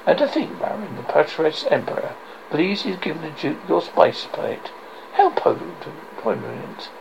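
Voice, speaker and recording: Man putting on a sly sneery assassin guy, high sweet tenor, lively, muffled audio. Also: normal speed, gravelly, noisy background, full character voice. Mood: mocking. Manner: sneering, delighted. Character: sly young male assassin, mocking.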